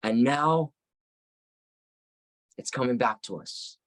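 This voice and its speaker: A man's voice: a little high, expressive, takes it slowly, pauses often, dry recording, low-quality recording. A man teaching a Bible study, retelling the story reflectively with frequent restarts.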